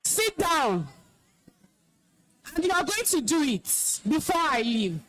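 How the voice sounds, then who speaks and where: Nigerian woman speaker, high-pitched and emphatic, stern alumna lecturing students on discipline. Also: sing-song, takes it slowly, fairly bright tone, low-quality recording. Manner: scolding, commanding, emphatic. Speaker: alumna guest speaker, compere. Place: school hall, live event.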